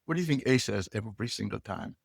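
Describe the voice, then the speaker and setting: A middle-aged man, a leadership coach, telling stories with lively inflection and acting out the dialogue. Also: fairly low pitch, fast talker, creaky, breathy edge, dry recording, clean studio sound. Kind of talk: animated storytelling.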